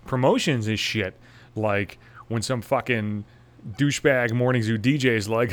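A man's voice: medium pitch, unhurried. A young man, a podcast host, telling a crude story in a sarcastic, swear-filled monologue.

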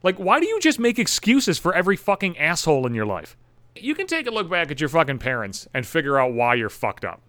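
A man's voice: fairly high pitch, wildly swooping pitch, brisk, a bit bright, no echo. A young man hosting a solo podcast, ranting bitterly and sarcastically with heavy swearing. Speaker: podcast host.

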